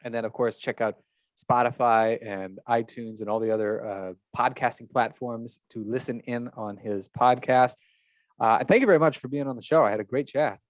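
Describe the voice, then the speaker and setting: A man hosting a podcast in a relaxed, chatty way, often laughing at his own jokes. His voice sits at a middle pitch and comes across dry and close, with no room sound around it. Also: normal speed, no room sound. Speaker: podcast host. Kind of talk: casual interview chat.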